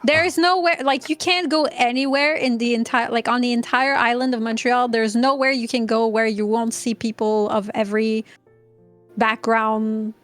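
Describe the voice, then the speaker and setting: A woman's voice: a little high, steady tone, normal speed, a bit bright, soft background music. A woman with a French Canadian accent, a guest chatting casually and easily on a stream. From Quebec, Canada. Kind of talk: casual chat.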